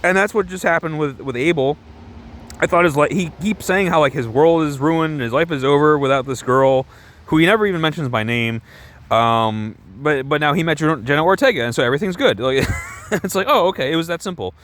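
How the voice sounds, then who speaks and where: A man's voice: a little high, brisk, fairly bright tone. A man ranting casually about a movie, rambling with lots of "like" and sarcastic swearing. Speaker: movie reviewer. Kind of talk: casual film review rant.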